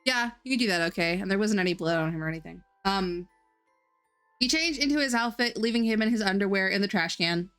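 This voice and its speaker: A woman's voice: medium pitch, animated, fast, a bit bright, clear, resonant tone, faint music behind. A woman narrating as game master in a tabletop game, casual, with many fillers and laughs.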